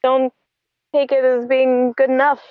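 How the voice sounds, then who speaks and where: A woman's voice: sits high, flat delivery, a little slow, dry recording. A young woman, a guest on a podcast, giving short, giggly answers in casual chat. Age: young adult. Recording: dull lo-fi dry sound.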